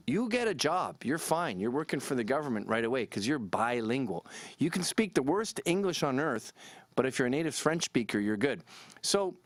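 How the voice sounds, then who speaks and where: Give me a jokey, irreverent man vlogging, with a lively, animated voice. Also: mid-range voice, moderate pace, no echo. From Canada. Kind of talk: casual commentary to camera.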